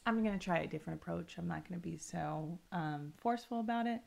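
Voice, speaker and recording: A woman co-hosting a casual couple's chat show, speaking in a measured, deliberate way when making a point. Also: on the low side, creaky, darkish tone. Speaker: podcast co-host.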